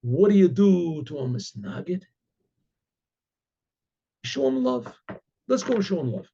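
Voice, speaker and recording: Animated gravelly rabbi storyteller. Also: male voice, on the high side. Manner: animated, halting with restarts. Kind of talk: oral storytelling. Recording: dull lo-fi recording.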